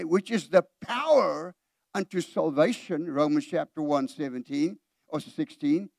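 A studio-quality, dry recording catches a middle-aged pastor giving an animated sermon in a church, questioning the congregation directly and acting out quoted voices. He sounds on the high side and a little mellow, with vocal fry and a measured pace.

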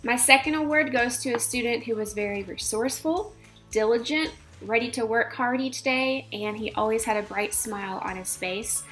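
A woman teacher reads out class awards one by one, steady and orderly with a warmly formal tone. Her voice sits a little high. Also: normal speed, soft background music. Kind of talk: read award presentation.

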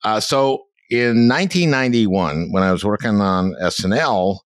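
A man's voice: fairly low pitch, lively intonation, normal speed, dry recording. A man in his seventies from Minnesota, a podcast host telling wry stories in casual chat. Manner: wry storyteller.

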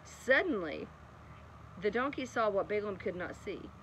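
A woman's voice: mid-range voice, animated, a little slow, a bit bright. A woman telling a bedtime Bible story in a chatty way, with lots of laughing asides, over outdoor traffic noise. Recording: noisy outdoor background with traffic.

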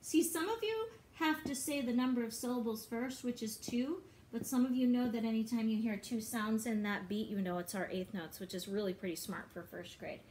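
A woman's voice: a little high, moderate pace, few pauses, darkish tone, slight background noise. A woman teaching a music lesson to young children online, encouraging and patient, often chanting and singing syllables.

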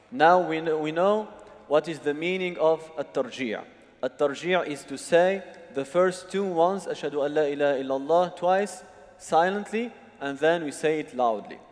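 A man's voice: fairly high pitch, darkish tone. A man teaching a religious seminar, explaining step by step and often checking that the audience follows. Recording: long hall reverb.

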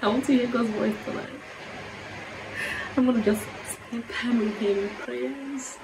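A woman earnestly reacting to a worship song on her vlog, growing fervent and then quiet and reflective. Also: a little high, fairly even intonation, a little slow, creaky, noisy background. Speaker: music reaction vlogger. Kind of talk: emotional worship music reaction.

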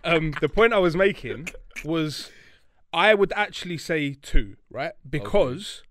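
A man's voice: a little high, animated, measured pace, fairly bright tone, a little hiss or hum. A young man on a casual podcast chat, talking in long thoughtful turns with restarts. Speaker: podcast co-host or guest.

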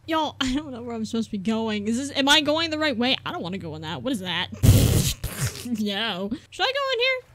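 A woman's voice: on the high side, lively intonation, moderate pace, a little hiss or hum. A young woman commentating a horror game let's play for her viewers, jumpy, swearing and laughing at her own fear. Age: young adult. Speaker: gaming YouTuber.

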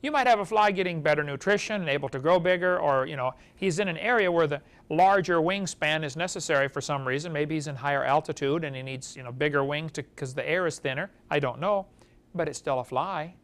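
Male lecturer, higher voice, folksy storyteller who chuckles as he teaches a class. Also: a little fast, a bit bright. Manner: folksy storytelling, chuckles at his own jokes.

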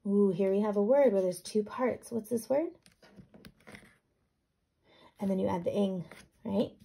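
A woman teacher reading a picture book aloud to young students, animated, asking questions and sounding words out. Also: medium pitch, measured pace, creaky, breathy edge.

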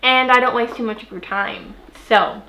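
A woman's voice: fairly high pitch, moderate pace, creaky, pushed and bright. A young woman chatting casually in a book review vlog, rambling with fillers and hiccuping now and then. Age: young adult. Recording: echoey room.

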